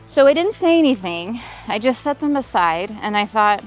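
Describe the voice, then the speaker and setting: Woman, relationship coach, personal vlog, animated storytelling, acts out quotes, fairly high voice, faint background music. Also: normal speed. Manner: animated, acts out quoted exchanges, emphatic lists.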